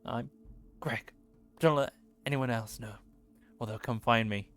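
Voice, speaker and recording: A man's voice: fairly even intonation, measured pace, a bit bright, faint music behind. A man voicing a jumpy, paranoid male character in a video game, talking in a nervous, defensive way. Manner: nervous, defensive, raised pitch.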